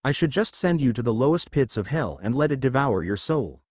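A man's voice: medium pitch, very animated, brisk, no echo. Man putting on a haughty goddess judging souls, commanding and proud, storybook reading, voice rises and falls a lot, dry close sound. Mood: angry. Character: stern imperious goddess judging souls, female.

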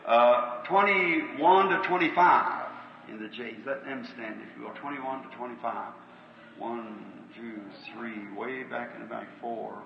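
A man's voice: medium pitch, measured pace, gravelly, a little hiss or hum. A Southern American preacher leads a revival meeting, earnest and plain-spoken. His voice rings through a big echoey hall with a long tail. The recording is an old, muffled tape from some distance away. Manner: folksy, earnest, calls out numbers to the crowd. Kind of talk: revival sermon and healing line. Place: large auditorium.

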